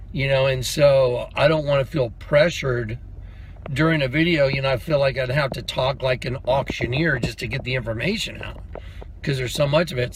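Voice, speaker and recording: A man's voice: mid-range voice, fairly bright tone. A man telling a personal story in a rambling, casual way, full of fillers and repeated words, while riding in a moving car. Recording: road noise from a moving car.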